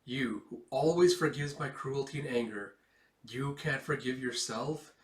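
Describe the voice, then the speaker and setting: A man's voice: mid-range voice, unhurried, natural voice. A man reading as a stern, scarred young woman. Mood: solemn. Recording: roomy, distant mic.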